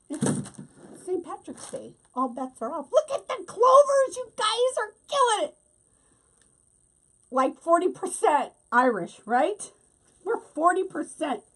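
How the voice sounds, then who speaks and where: A middle-aged woman hosting a casual craft tutorial, chatting and laughing as she works. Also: on the high side. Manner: chatty, laughs often, talks while working. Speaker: wreath-making host.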